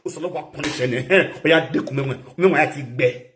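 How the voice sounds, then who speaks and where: A man talking in a rambling, casual monologue, swinging between low muttering and loud exclaiming. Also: quick pace, slight background noise. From Nigeria. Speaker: social media personality.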